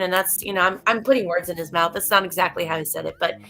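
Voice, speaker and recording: A woman's voice: on the low side, fast, pushed and bright, faint music behind. A woman hosting a casual livestream, talking emphatically and a bit preachily, straight to her viewers. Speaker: livestream host.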